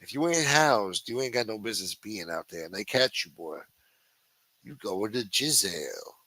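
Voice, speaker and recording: A man's voice: fairly low pitch, lively intonation, moderate pace, pushed and bright, no room sound, poor audio. A man hosting a livestream, ranting with constant profanity in a sneering, contemptuous way. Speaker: livestream host.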